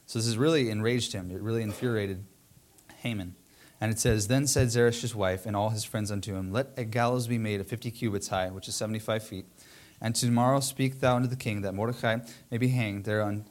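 Male preacher, lowish voice, reads scripture then paraphrases it loosely with fillers. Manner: frequent fillers, restarts. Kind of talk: Bible reading and retelling.

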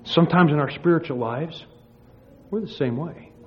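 A man with a fairly high voice preaches a sermon, recounting a story in a loose, rambling way with frequent restarts. The recording sounds dull and lo-fi. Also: normal speed.

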